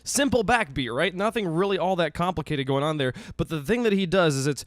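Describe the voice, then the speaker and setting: Young male music vlogger, a bit high voice, eager rambling explainer, dry close mic, faint music under. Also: brisk, few pauses, no echo. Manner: enthusiastic, rambling with many restarts, counts beats aloud. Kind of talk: casual music theory explainer.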